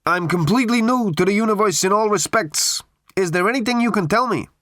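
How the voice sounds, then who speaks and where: A man voicing a newly created, oozing river creature that asks blunt, naive questions in a high, eager voice. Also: fairly quick, fairly bright tone, no room sound, studio quality. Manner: direct, breathless questioning.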